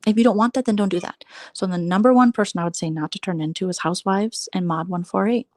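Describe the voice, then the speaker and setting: A woman's voice: mid-range voice, fast talker, darkish tone, no echo. Blunt, sarcastic woman ranting on a livestream. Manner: blunt, sarcastic, swears freely, drops into whispers. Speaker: livestream host. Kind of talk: casual late-night livestream rant.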